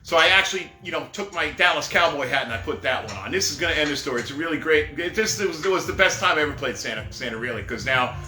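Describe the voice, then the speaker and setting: A man's voice: a little high, lively intonation, quick pace, few pauses, pushed and bright. A middle-aged man telling rambling, jokey stories on a live stream and laughing at his own jokes, recorded in an echoey room with faint music behind. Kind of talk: casual storytelling.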